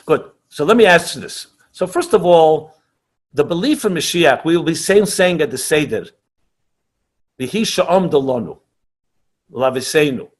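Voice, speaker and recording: A man's voice: on the high side, lively intonation, unhurried, pauses often, husky. A middle-aged man, a rabbi, teaching teens in an online class and answering questions, speaking with passion and emphasis and sprinkling in Hebrew and Yiddish terms. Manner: passionate, emphatic, repeats himself.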